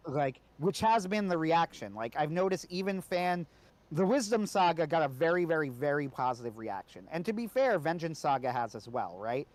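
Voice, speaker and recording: A man's voice: a little high, sing-song, normal speed. A man co-hosting a casual podcast discussion, talking conversationally and often checking in with "right?". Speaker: co-host.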